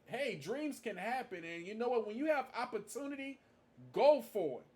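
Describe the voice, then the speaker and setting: Man, high-pitched, emphatic vlog tribute with lots of repetition. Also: animated, moderate pace, a little mellow. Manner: emphatic, repeats his points for stress. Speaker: marching band fan vlogger. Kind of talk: casual tribute monologue to camera.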